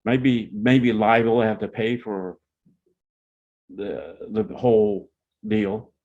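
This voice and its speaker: The dull lo-fi recording captures a family elder speaking slowly in a lowish, steady voice. This older man rambles through meandering personal stories told to his relatives.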